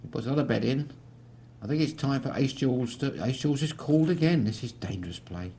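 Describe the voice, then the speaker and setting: A man's voice: medium pitch, fast, dark tone, slight background noise. A man gives live poker commentary, walking through each hand with a chatty manner and dry teasing asides to his co-host.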